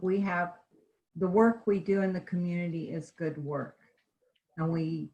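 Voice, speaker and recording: A woman's voice: low voice, darkish tone, rough recording. A woman on a video call, earnestly urging a board and repeating herself as she makes her point. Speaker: board member. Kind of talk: virtual board meeting remarks.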